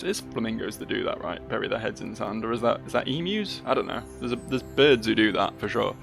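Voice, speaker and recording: A man's voice: on the low side, fast, vocal fry, hardly any pauses, fairly bright tone, soft background music. A man giving casual, rambling, self-mocking commentary as host of a let's play video.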